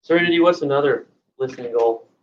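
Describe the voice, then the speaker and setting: A woman's voice: a bass voice, fast, muffled recording. A woman teacher leading young children through a lesson, patiently prompting and repeating her questions. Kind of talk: classroom instruction to young children.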